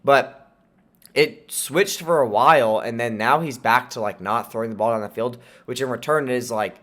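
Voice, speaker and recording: A man's voice: medium pitch, normal speed, fairly bright tone. A young man hosting casual sports commentary, opinionated and rambling, with a sore throat that makes him sound nasal and slightly lisping. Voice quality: slight lisp. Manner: opinionated, rambling with fillers and restarts. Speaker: sports podcast host.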